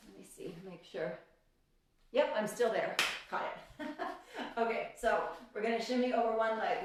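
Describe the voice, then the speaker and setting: A woman teaching a live online belly dance class, counting beats aloud as she demonstrates and chatting cheerfully with her students. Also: mid-range voice. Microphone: phone camera away from her. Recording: echoey room, voice from a distance, music faint behind.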